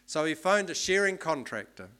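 A man giving a sermon in a relaxed, explanatory way, with many ums and restarts. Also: on the high side, normal speed. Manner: conversational, explanatory, with fillers. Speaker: preacher.

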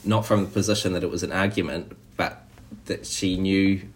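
A man preaching a sermon in a relaxed, conversational way, often restarting and saying "you know". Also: low voice, normal speed.

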